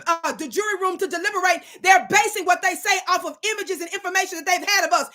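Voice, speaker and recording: High, bright, emphatic woman host. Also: fast talker, few pauses. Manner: emphatic, preacher-like, scolds the chat. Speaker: online show host. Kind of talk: livestream commentary to a chat.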